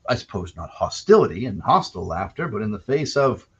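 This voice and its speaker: A man's voice: fairly low pitch, big pitch swings, a little fast, breathy edge. A man from Canada hosting a solo podcast, telling rambling, digressive anecdotes with wry self-corrections. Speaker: podcast host. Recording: dull lo-fi recording.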